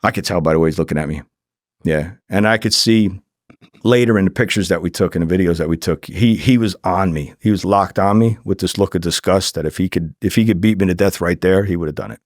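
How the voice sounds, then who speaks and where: Guest, male, low-pitched, lively raconteur acting out quotes, dry close mic. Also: quick pace, no echo. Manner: animated, acts out quoted voices, swears freely. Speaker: former undercover agent, guest. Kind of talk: casual storytelling.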